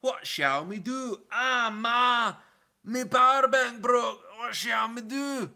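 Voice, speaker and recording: A man's voice: very high voice, takes it slowly, gravelly, bright, forceful tone, voice pushed up, heavily acted. A man doing an exaggerated Scottish accent as a comic caricature of a fretting Scotsman. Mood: mock fretful. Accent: put-on Scottish.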